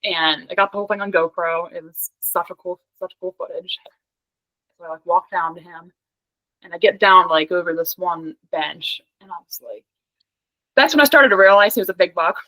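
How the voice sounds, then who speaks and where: A young woman from Pennsylvania with a bright, ringing voice, telling a story in lively casual chat. She laughs often and strings her thoughts together with "like". The sound is dry and close. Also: fairly low pitch, normal speed, dry recording, poor audio. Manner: animated, laughs often, heavy use of "like". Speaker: podcast guest, hunter.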